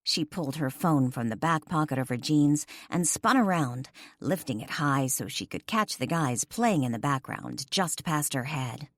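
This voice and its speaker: Woman, lower voice with lively melody, first-person romance audiobook, dry studio. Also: moderate pace, few pauses, dry recording. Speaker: audiobook narrator.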